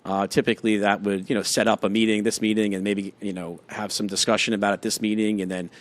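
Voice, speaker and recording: Low-voiced man discussing markets. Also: little pitch movement, fast. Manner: thoughtful, hedging with fillers.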